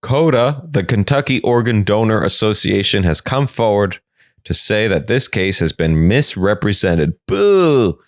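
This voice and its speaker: A man's voice: fairly low pitch, unhurried, dry recording, clean studio sound. A man hosting a podcast and recapping odd news stories with jokes. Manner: jokey, animated. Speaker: podcast host.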